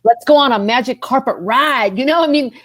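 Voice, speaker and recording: An earnest woman gives a heartfelt personal testimony on a podcast. Her voice sits a little high and climbs further as she is moved, and she circles back over her own words. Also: brisk, a bit bright, slight background noise. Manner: earnest, repeats herself, voice rises when moved. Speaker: podcast guest.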